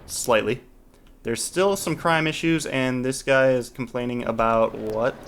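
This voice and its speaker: A man's voice: mid-range voice, measured pace, clean tone. Man chatting through a city-builder playthrough. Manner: thinks aloud, restarts and trails off, mildly exasperated. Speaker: let's play host. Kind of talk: casual gameplay commentary.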